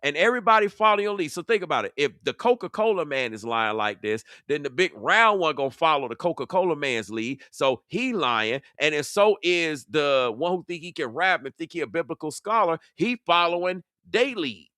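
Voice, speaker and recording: Heated man roasting his rivals, sharp edgy voice, slightly high, dry close mic. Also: very animated, moderate pace, hardly any pauses, no room sound. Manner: confrontational, preachy, mocking. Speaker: online commentator. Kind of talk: heated reaction commentary.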